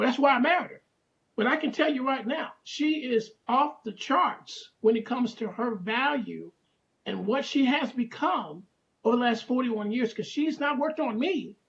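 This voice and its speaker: Gravelly older man, earnest. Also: very high voice, normal speed, highs cut off. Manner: earnest, repeats words while finding them. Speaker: guest. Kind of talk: casual testimony on a talk show.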